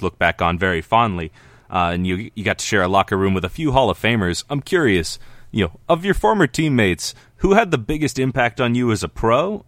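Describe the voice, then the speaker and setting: A man hosting a podcast, his voice very low and deep, recorded close and dry with no room sound. He builds his questions slowly, winding through fillers and asides before getting to the point. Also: fairly bright tone, no room sound. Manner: long rambling questions with fillers. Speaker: podcast host. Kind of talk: casual interview questions.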